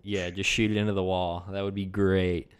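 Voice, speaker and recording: Young man, podcast co-host, low pitch, smooth clean tone, laid-back, joking, casual chat. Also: little pitch movement, moderate pace.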